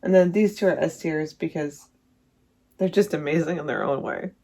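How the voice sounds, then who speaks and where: Medium in pitch and darkish in tone, the voice of this music reviewer moves at a moderate pace. The vlogger ranks songs in loose, enthusiastic commentary, often correcting themselves and raving about the ones they like best.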